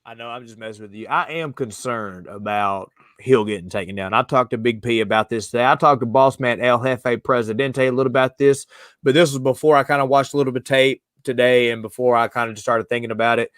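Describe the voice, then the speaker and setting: A man's voice: mid-range voice, steady tone, fast talker, fairly bright tone, no room sound, studio quality. A man hosting a casual live-streamed sports podcast, loose and slangy, joking with his co-host.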